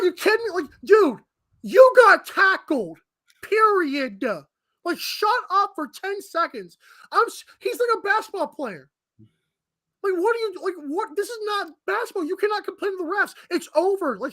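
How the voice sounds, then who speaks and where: A woman's voice: very high voice, lively intonation, normal speed, fairly bright tone. A woman co-hosting a sports radio show, blunt and sassy in her remarks. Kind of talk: casual sports talk.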